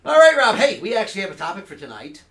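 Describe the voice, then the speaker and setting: High, animated man co-hosting a podcast. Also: fast. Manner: animated, steers the show. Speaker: podcast co-host. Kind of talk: casual chat.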